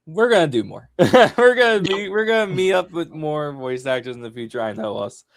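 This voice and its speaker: A man co-hosting a podcast, chatting casually and telling a story with big swings between loud and soft. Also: a little high, brisk, no echo. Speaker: podcast co-host.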